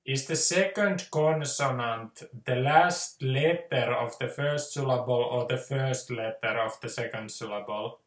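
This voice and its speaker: A man's voice: mid-range voice, unhurried, hardly any pauses, fairly bright tone, roomy sound. A man with a Finnish accent teaching pronunciation in a casual, hesitant way, with many filler sounds. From Finland. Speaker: language teacher. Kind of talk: casual spoken lesson.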